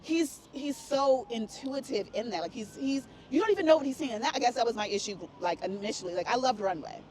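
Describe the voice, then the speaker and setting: A woman guest in a casual chat, talking fast and effusively. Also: fairly high pitch, lively intonation, a little mellow. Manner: fast, effusive, acts out quotes. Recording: rooftop with crowd noise behind.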